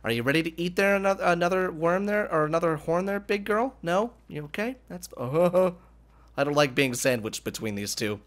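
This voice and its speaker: A man giving excitable let's play commentary, swearing casually and talking to the animals in the game, his voice cracking. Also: a little high, normal speed. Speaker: gaming YouTuber.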